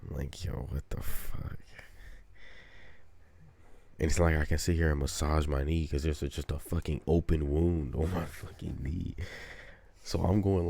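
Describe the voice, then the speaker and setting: Very deep gravelly young man. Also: dark tone. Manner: slangy, profane storytelling with quoted asides. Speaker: podcast co-host. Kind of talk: casual chat.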